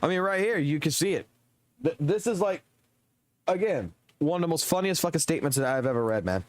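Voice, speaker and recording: Animated Southern man ranting on stream. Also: on the high side, brisk. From Louisiana, US South. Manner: animated, profane, rambling rant. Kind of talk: livestream commentary. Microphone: close desk mic.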